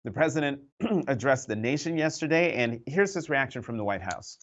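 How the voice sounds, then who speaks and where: A man's voice: mid-range voice, animated, moderate pace. Conversational male host, muffled audio. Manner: conversational, stumbles and repeats words. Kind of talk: hosting a political roundtable.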